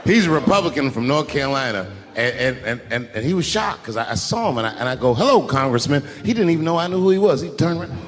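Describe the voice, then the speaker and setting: Animated middle-aged comedian, lively pitch. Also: male voice, fast, few pauses. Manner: animated, profane, acts out quoted voices. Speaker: stand-up comedian. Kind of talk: stand-up comedy storytelling. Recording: live stage recording with long hall reverb.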